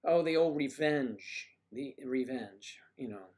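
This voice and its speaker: A man's voice: mid-range voice, expressive, takes it slowly, a little mellow. A man hosting a casual livestream, rambling and joking as he answers viewers' comments. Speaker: livestream host.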